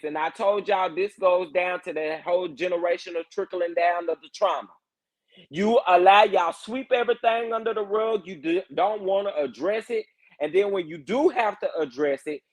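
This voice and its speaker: A man hosting a casual morning chat, reacting to viewer comments and getting emphatic and loud when worked up. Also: high-pitched, normal speed. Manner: animated, emphatic, rising to loud protest when fired up. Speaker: reality TV commentary host.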